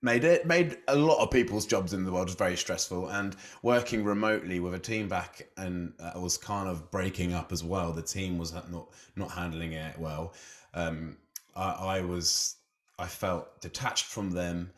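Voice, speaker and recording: A man's voice: low voice, moderate pace. A man telling his story casually as a podcast guest, chatty and self-deprecating, laughing often and leaning on "you know".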